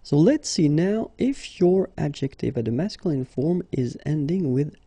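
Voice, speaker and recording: French-accented man teaching a lesson, husky tone, dry close sound. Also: a little high, animated, mellow, dry recording. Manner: patient and explanatory, slow and deliberate. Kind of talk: language lesson.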